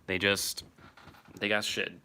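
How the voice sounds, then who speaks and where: A man's voice: fairly low pitch, completely flat delivery, slow pace, noisy background. A young man casually chatting on a livestream, answering viewers by name and swearing now and then. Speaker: streamer reading live chat.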